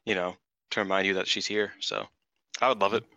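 A man co-hosting a podcast in casual chat, rambling and excitable, swearing freely. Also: lowish voice, a little fast, no echo, muffled recording. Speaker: podcast co-host.

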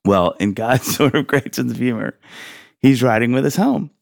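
Man, thirties, podcast host, animated storyteller, dry close sound. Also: mid-range voice, normal speed, gravelly, no room sound. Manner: animated storyteller, acts out quotes, laughs often. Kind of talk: casual faith and parenting chat.

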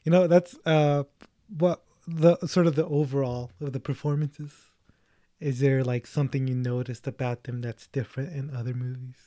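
A man's voice: mid-range voice, fairly even intonation, moderate pace, warm tone, dry recording, clean studio sound. A man co-hosting a casual movie chat, joking and rambling, laughing often.

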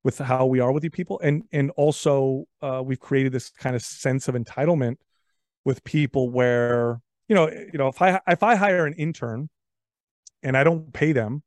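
In a relaxed podcast chat, this guest speaks at a moderate pace in a mid-range voice with a darkish tone. He tells stories animatedly and tends to repeat words, and the studio recording is dry and clean.

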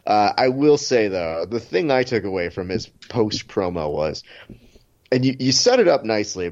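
A man's voice: low voice, lo-fi sound. A man hosting a podcast in casual chat, sarcastic and joking with rambling asides. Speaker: podcast host.

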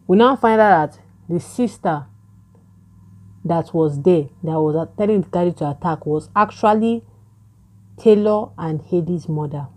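Excitable woman recapping a show. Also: on the low side, measured pace, pauses often. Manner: excitable, acts out characters' lines. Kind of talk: casual plot recap.

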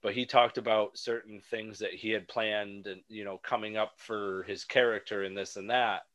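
A man co-hosting a podcast, talking in an animated, rambling way with frequent restarts. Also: on the low side, normal speed. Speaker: podcast co-host. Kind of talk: casual chat.

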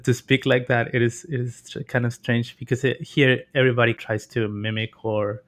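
A young man from Mexico hosts a relaxed interview, asking curious questions in loose, rambling phrases. His voice sits in a middle pitch, and he fills his sentences with fillers. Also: normal speed. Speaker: host. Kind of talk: casual interview.

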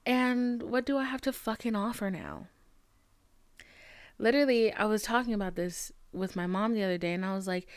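A young adult woman delivers a candid solo monologue on her own podcast, in a smooth, expressive, medium-pitched voice at an unhurried pace with no echo. She's frank and self-mocking, swears often, and peppers her speech with "like."

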